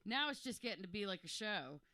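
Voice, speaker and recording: A man's voice: high voice, very animated, a little fast, bright, forceful tone, a little hiss or hum. A man in his forties, overwhelmed and joking, rambling through thank-yous to friends at his birthday roast. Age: 40s. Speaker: birthday roast guest of honor.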